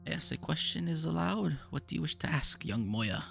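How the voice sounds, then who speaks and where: A man voicing a grandiose, eccentric male mage who is touchy and theatrical, with a lively gravelly voice. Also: a little high, moderate pace, soft background music, pitched above the performer's own voice, exaggerated voice.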